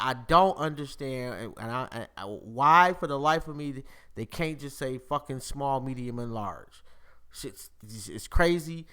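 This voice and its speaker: A man hosts a casual live-streamed chat, cursing freely and laughing often. His voice is bright and forward, and his pitch swings widely as he talks. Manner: profane, animated, laughs often. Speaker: podcast host.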